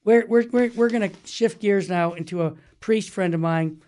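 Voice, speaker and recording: A man's voice: high-pitched, moderate pace, a little mellow. A man in his sixties hosting a religious talk show, telling stories in an emphatic, rambling way. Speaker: Catholic radio host. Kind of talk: casual talk show discussion.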